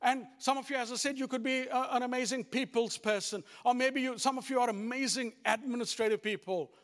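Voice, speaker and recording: A pastor preaching to his congregation, a man with a notably high voice. He talks straight at the room, repeating and restarting as he goes. The sound rings with the long reverb of a church hall. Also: a little fast. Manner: animated, repetitive restarts, addresses congregation directly. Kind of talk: sermon.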